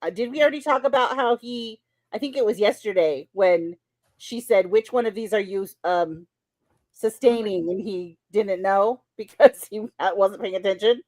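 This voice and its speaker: A woman co-hosting a casual podcast chat about a court case, talking in a giggly, animated way. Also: mid-range voice, moderate pace, no room sound. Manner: giggly, animated, breaks into laughter. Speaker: podcast co-host.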